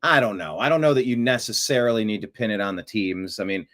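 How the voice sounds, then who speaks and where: A man's voice: on the low side, a bit bright. Opinionated man hosting a talk show. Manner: rambling and opinionated, quick swings from mutter to outburst. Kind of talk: casual political commentary.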